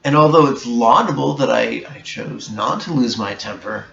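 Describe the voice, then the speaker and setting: A man giving a reflective spiritual talk as a meditation teacher, slow, deliberate and bluntly emphatic. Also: mid-range voice, animated, vocal fry, fairly bright tone. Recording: echoey room, dull sound, faint hiss.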